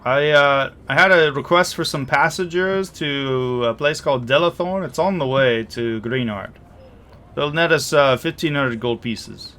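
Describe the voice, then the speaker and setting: A man's voice: medium pitch, unhurried, bright, forceful tone, slight background noise. A man voicing a dutiful ship's first mate giving a businesslike report.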